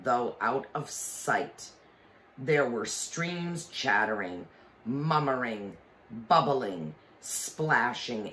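Guy reading a kids book out loud really slow, bright clear voice, stops to explain stuff. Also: mid-range voice, a little hiss or hum. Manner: slow, expressive, explains to listeners. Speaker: reader. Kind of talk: reading a storybook aloud with comments.

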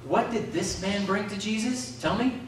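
A man's voice: high voice, normal speed, a little hiss or hum. A man preaching a sermon, calling out questions to the congregation. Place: community centre hall. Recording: echoey hall from far off.

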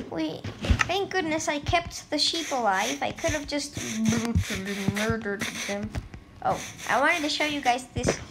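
A woman giving casual, playful commentary on her own gameplay and chatting to the animals in the game. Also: on the high side. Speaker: gameplay video creator. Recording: loud background noise.

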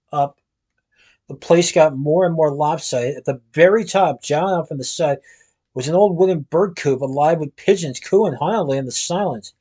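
Husky male storybook reader. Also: on the high side, dark tone. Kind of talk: storybook read-aloud narration.

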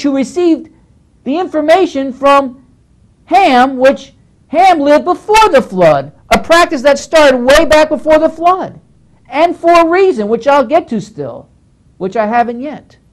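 Emphatic pastor with a lively voice. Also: male voice, very high-pitched, measured pace. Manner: emphatic, scolding, repeats phrases while working through the text. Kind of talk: Bible teaching lecture.

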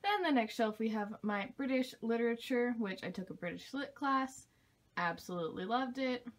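Young woman, fairly high voice, casual vlog, chatty, enthusiastic, rambling. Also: expressive, normal speed. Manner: chatty and enthusiastic, trails off and restarts. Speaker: vlogger. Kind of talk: casual bookshelf tour.

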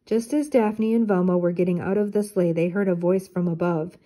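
An older woman reads a children's storybook aloud, clear and even. Her voice is mellow and soft-edged, with a gentle, unhurried delivery. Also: on the low side. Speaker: storybook reader. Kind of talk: reading a children's book aloud.

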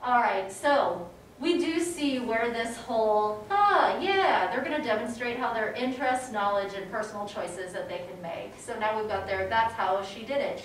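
A woman teaching a music education class in a casual, animated way, now and then singing short rhymes. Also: on the high side, a little hiss or hum. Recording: echoey room, mic from a distance.

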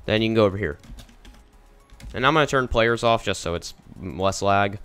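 Casual young man narrating gameplay, low voice. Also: expressive, moderate pace, a bit bright, clean tone, soft background music. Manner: rambling, casual, easily confused. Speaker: game walkthrough commentator.

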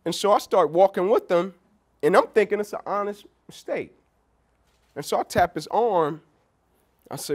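A man's voice: high-pitched, moderate pace, pauses often. A man giving a motivational keynote speech, telling stories and acting out what people said. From Atlanta, USA. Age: young adult. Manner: storytelling, animated, quoting people in dialogue. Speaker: keynote speaker. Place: large event venue.

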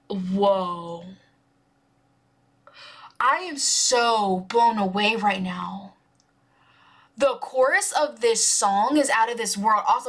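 A woman hosting a music reaction video, talking in a gushing, excitable way, full of exclamations and filler "like"s. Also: mid-range voice. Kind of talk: casual music reaction commentary. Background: music video playing faintly.

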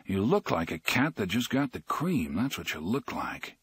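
A male narrator playing a weary, grim middle-aged airline captain who talks in a gruff, sarcastic way in an audiobook. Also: fairly low pitch, sing-song, moderate pace, a bit bright, dry recording, exaggerated voice.

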